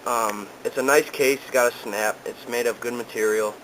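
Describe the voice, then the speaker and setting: A man's voice: mid-range voice, fairly even intonation, normal speed, noisy background. A young man casually talking to camera in a vlog, easygoing and rambling with lots of ums and uhs. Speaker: vlogger. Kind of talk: casual product talk to camera.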